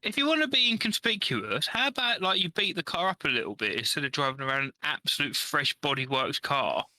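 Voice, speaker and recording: A man's voice: on the high side, lively intonation, a little fast, sharp tone. A man co-hosting a casual podcast chat, cheeky and jokey, swearing casually. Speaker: podcast co-host.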